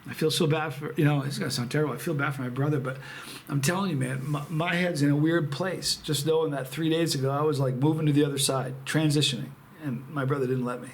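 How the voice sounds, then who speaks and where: Gravelly New man rambling emotionally. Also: on the high side, steady tone, a little hiss or hum. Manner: rambling, halting, emotional, many restarts. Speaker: chili pepper channel host. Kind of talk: casual vlog talk to camera.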